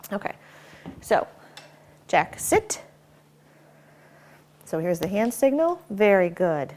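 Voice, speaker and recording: A woman dog trainer demonstrating at home, giving short firm commands and quick praise while explaining each step. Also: on the low side. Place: home, indoors.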